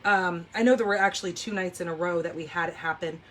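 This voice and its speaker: A woman hosting a live card-making session from her craft table at home, chatting in an animated way and often saying "like" and "oh my gosh". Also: on the low side, fast, slight background noise. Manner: chatty, animated storyteller, says "oh my gosh" and "like" a lot. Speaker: papercraft livestream host. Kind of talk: casual chat while demonstrating card making.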